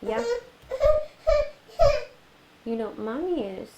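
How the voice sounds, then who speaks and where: A young woman chatting through a craft tutorial, laughing often and talking gently to her toddler. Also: mid-range voice, measured pace, noisy background. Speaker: craft vlogger. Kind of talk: casual craft tutorial chat.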